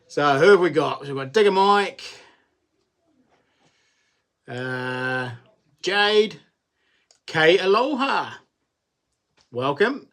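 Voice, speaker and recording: A man's voice: a little high, lively intonation, drawn-out words, pauses often, a bit bright. A middle-aged man with a New Zealand accent hosting a casual live-stream chat, matey and chatty, greeting viewers by name and laughing often. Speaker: livestream host.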